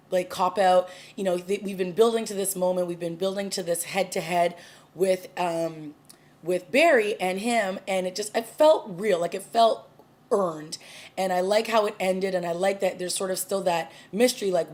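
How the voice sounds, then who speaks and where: A woman's voice: lowish voice, darkish tone. A woman recapping and reviewing a TV episode in a casual, chatty way, full of fillers and restarts. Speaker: TV review vlogger.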